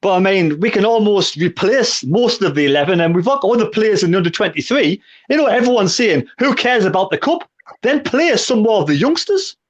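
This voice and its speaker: A man's voice: high voice, sing-song, brisk, few pauses. A man in his sixties on a fan chat panel, blunt and grumbling. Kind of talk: casual live fan chat. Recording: dull lo-fi line.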